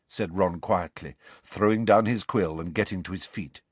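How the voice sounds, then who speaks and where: A man narrating a storybook as an audiobook, in an expressive storytelling way. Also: low-pitched, normal speed, few pauses, breathy edge, dry recording. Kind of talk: scripted narration.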